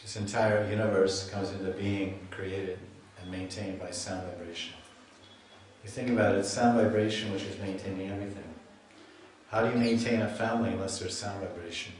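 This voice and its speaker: A man lectures on scripture in a loose, chatty way, breaking off and restarting his sentences as he tells stories. His voice sits fairly low, and the echoey hall recording sounds like it was picked up from a distance. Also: steady tone, normal speed, a little hiss or hum. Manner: chatty storyteller, laughs at himself, restarts often. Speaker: swami giving a scripture lecture.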